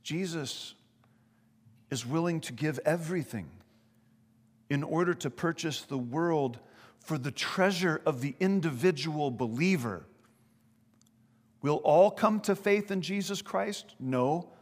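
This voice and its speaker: A man's voice: fairly high pitch, slow pace, pauses often. A man preaching a sermon as pastor, telling a story with earnest, emphatic rises in his voice. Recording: long hall reverb.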